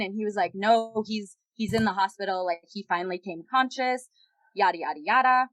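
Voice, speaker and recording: A woman's voice: mid-range voice, normal speed, a bit bright, no echo. A young woman guest on a podcast, candidly retelling a personal story with lots of quoted dialogue.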